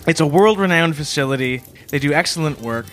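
Male comedy co-host, deadpan storyteller, bright and animated pitch, faint music under. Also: a little fast. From Canada. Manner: deadpan, matter-of-fact storytelling. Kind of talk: deadpan improvised comedy chat.

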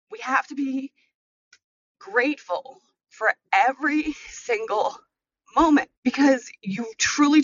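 American woman host, solo podcast from her car, higher voice, emotional, muffled lo-fi audio. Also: a bit bright. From United States. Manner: earnest, reflective, many fillers and restarts. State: emotional, near tears. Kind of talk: casual solo podcast monologue. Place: car while driving.

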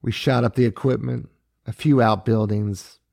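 Defiant young ex-soldier, gravelly low voice, read by a male narrator. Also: steady tone, moderate pace, darkish tone. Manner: defiant, confiding.

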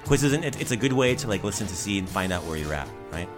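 A man's voice: lowish voice, sing-song, quick pace, over music. A man hosting a language podcast, chatting casually with jokes and plugging the show. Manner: upbeat, jokey, rambling plugs. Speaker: podcast host.

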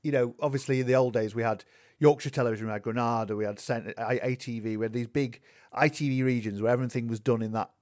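A man's voice: medium pitch, fairly even intonation, fast, a little mellow, no room sound. A man with a mid-range voice hosts a conversational interview. He is chatty and opinionated and asks leading questions. The recording is dry, with little room sound.

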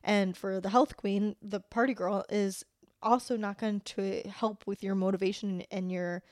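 A woman's voice: medium pitch, fairly even intonation, measured pace, a little mellow, no echo. Brief: young woman podcast host, casual solo rant, blunt and profane, dry close mic. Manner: blunt, profane, lots of "like" fillers.

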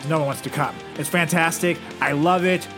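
A young man hosting a casual comedy chat, telling crude absurd jokes in a deadpan way and laughing at his own bits. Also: a little high, a little fast. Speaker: podcast host. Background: music.

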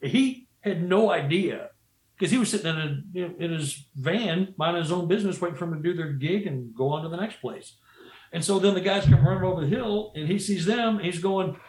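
A man's voice: high-pitched, fairly quick, darkish tone. A man telling a story in a casual, rambling way, often restarting his sentences and saying "you know.". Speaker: guest storyteller. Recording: roomy echo.

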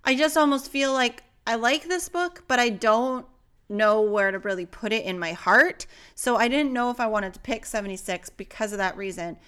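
A woman's voice: fairly high pitch, normal speed, fairly bright tone, clean tone. A young woman co-hosting a podcast, chatting casually in a playful, giggly way that drifts off topic. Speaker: podcast co-host. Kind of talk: casual chat.

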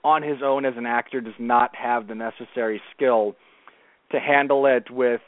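A man's voice: medium pitch, fairly even intonation, moderate pace, no echo. A man who is a guest on a film podcast, talking earnestly and often restarting and correcting his sentences. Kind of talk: casual film discussion. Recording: tinny phone-like line, dry.

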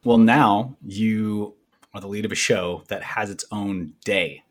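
A man's voice: on the low side, steady tone, slow pace. A man hosting an interview, asking questions with enthusiasm. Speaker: interview host.

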